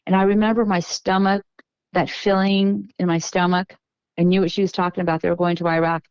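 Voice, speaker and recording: A middle-aged woman from Texas, a podcast guest, recounting a personal story in an unhurried, halting way with frequent restarts. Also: on the low side, level tone, darkish tone, smooth, dry recording, low-quality recording.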